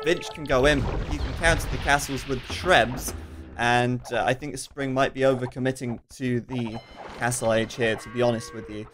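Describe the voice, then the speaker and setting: A man's voice: mid-range voice, fairly even intonation, music in the background. Casual male game commentator reading chat. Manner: casual, chatty, reads out viewer questions; quick asides and frequent fillers. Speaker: esports commentator.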